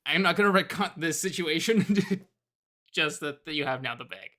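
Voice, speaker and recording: A game master describes scenes in a tabletop game. The voice is bright and clear. The delivery is hesitant and breaks off into fillers and short laughs. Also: mid-range voice, animated, moderate pace.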